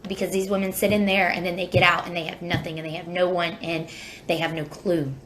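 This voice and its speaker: A woman's voice: on the low side, level tone, brisk, fairly bright tone, slight background noise. A woman speaking straight to camera about life after prison, blunt and impassioned, plain-spoken and cursing now and then. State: near tears. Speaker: former prisoner sharing her story. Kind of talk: casual direct-to-camera video.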